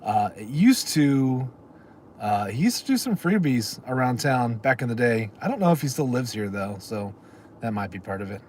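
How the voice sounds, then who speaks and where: A man's voice: mid-range voice, very animated, normal speed, darkish tone, a little hiss or hum. A middle-aged man, hosting a livestream in a rambling casual chat and answering comments from viewers. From Texas. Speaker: livestream host.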